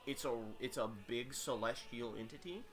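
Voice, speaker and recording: A man hosting a fighting-game tournament stream, chatting casually, rambling and swearing with quick laughs. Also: mid-range voice. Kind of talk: casual live-stream chat.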